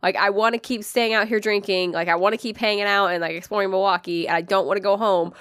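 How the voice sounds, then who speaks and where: A woman's voice: mid-range voice, quick pace, no echo. A young woman telling a story in casual chat, swearing freely and filling her speech with "like.". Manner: profane, animated storyteller, many "like"s.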